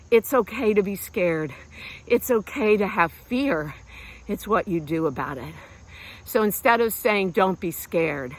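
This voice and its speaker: A woman's voice: medium pitch, very animated, a little slow, fairly bright tone. A middle-aged woman talking casually while walking outdoors, encouraging and a little out of breath. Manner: encouraging, conversational, breathing hard while hiking. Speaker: vlog host and self-help speaker. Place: outdoors walking around a lake.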